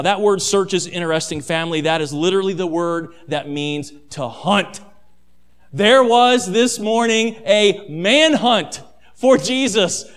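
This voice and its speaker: A male pastor preaching a dramatic sermon, calling his listeners family and swinging between hushed and loud passages. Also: high voice.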